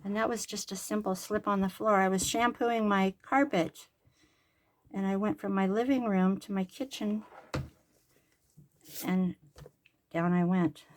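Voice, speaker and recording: A woman's voice: medium pitch, steady tone, measured pace, pauses often. An older woman and grandmother chatting casually and rambling while she sews a craft at home, joking about herself. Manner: chatty, rambling, jokes at her own expense. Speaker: crafting vlogger. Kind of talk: casual chat while sewing.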